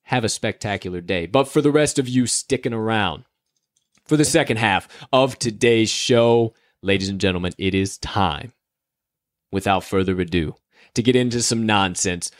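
A man's voice: lowish voice, normal speed, dry recording, clean studio sound. A young man from the Chicago area hosting a sports betting podcast in a casual, upbeat, hype-filled way. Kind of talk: casual chat.

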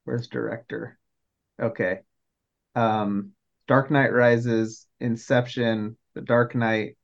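A man's voice: mid-range voice, vocal fry. Rambling man on a dull lo-fi recording. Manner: rambling, lots of "like" and "um". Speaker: podcast panelist. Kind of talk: casual chat.

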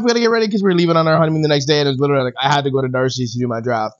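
A man's voice: a little high, very fast, lo-fi sound. A man from Canada, co-hosting a casual podcast chat during a fantasy draft, telling stories with acted-out quotes. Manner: animated storyteller, acts out quotes. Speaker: podcast co-host.

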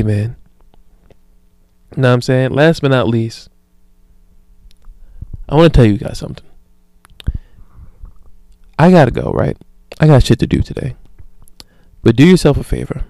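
Podcast host, thirties, male; smooth, dry close-mic sound; profane storyteller who acts out both sides of a conversation. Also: medium pitch, unhurried, pauses often, no room sound. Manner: profane, animated storytelling with imagined dialogue; grows loud and heated when worked up. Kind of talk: solo rambling podcast talk.

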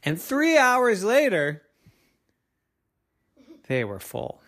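A woman's voice: sits low, sing-song, takes it slowly, pauses often. A woman telling an improvised bedtime story to children, in a playful sing-song way with dips into whispers.

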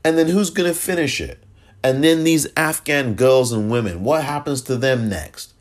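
A man hosting a solo political podcast, ranting with exasperation, swearing freely and throwing in sarcastic asides. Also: mid-range voice. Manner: animated, exasperated, profane, quick sarcastic asides. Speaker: podcast host.

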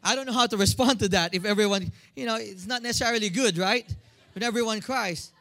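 A man's voice: sits high, quick pace, gravelly. A man in his thirties with a Filipino accent, preaching a sermon and calling out to his congregation. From Philippines. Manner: animated, calls out to the congregation. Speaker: pastor.

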